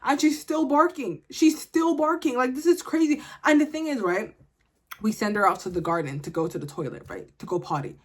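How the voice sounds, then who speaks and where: A woman vents straight to camera in a blunt, exasperated, comic rant. Her voice sits a little high. The talk is loose and casual, like a vlog. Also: expressive, fairly quick. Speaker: vlogger.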